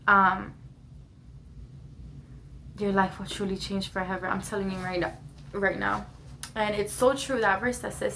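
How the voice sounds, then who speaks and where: A woman's voice: medium pitch, steady tone, a little slow, long pauses, sharp tone, a little hiss or hum. A young woman vlogger giving a heartfelt personal testimony to the camera, earnest and repeating words for emphasis. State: emotional at times. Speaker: vlogger sharing her testimony.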